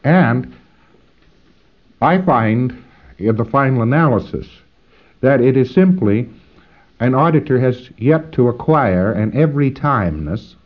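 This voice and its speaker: A man lectures in a rambling, emphatic way, breaking off to act out practice drills himself. His voice sits at an ordinary middle pitch. The recording is dull and lo-fi, like an old archival tape. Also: expressive, a little slow, long pauses. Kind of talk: instructional lecture.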